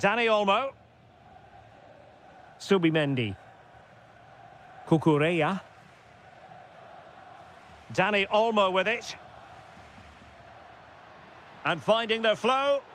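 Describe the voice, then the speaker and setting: A man giving excitable play-by-play football commentary for a video game, calling player names in short clipped bursts and shouting at goals. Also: high voice, slow, pauses often, a little hiss or hum.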